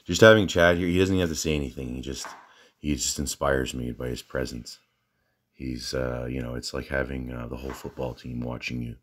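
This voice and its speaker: Southern guy, extremely low voice, halting and filler-heavy, chatty gym vlogger. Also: steady tone, a bit bright, a little hiss or hum. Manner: rambling, halting, lots of fillers and restarts. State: out of breath. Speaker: fitness vlogger. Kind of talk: casual rambling gym vlog.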